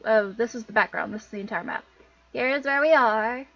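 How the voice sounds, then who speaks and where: A woman's voice: a little high, a little fast, fairly bright tone. A woman streamer giving casual commentary on a visual novel, chatty and often correcting herself. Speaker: game streamer. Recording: dull lo-fi recording.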